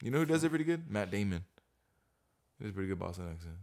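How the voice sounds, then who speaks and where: A man co-hosting a podcast, chatting loosely with heavy swearing and animated bursts. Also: on the low side, rapid-fire. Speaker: podcast co-host. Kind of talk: casual chat.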